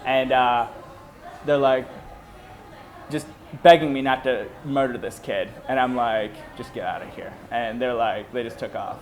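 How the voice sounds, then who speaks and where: A man and moped club member telling a story in a casual interview, lively and acting out the quoted voices. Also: mid-range voice, unhurried, pauses often, soft background music. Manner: animated, acts out quoted voices.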